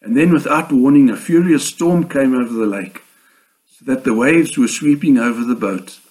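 A man delivering a sermon in a measured, earnest way, with slow emphatic pauses. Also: medium pitch, darkish tone, rough recording. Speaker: preacher.

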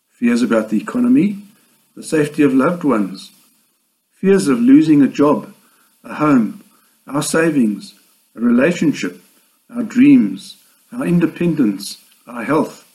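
Man, preacher, sermon, earnest, measured pace, emphatic pauses. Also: mid-range voice, animated, darkish tone, low-quality recording.

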